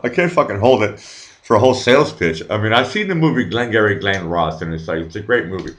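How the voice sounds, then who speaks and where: A man's voice: lowish voice, expressive, quick pace, a bit bright. A middle-aged man hosting a live stream, rambling casually, swearing freely and reading viewers' chat aloud with many fillers and restarts. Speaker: livestream host.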